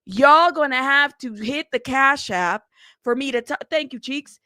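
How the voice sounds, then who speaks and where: Chatty woman livestreaming, bright dry voice. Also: high voice, moderate pace, no room sound. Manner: chatty, blunt, laughs often, greets chat by name. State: a little sick in the throat. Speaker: livestream news host. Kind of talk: casual livestream chat.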